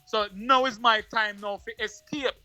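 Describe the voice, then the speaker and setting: A man with a Jamaican accent, an interview guest who tells a personal story in patois in an animated way, often repeating his words. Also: high voice, unhurried, dry recording, soft background music.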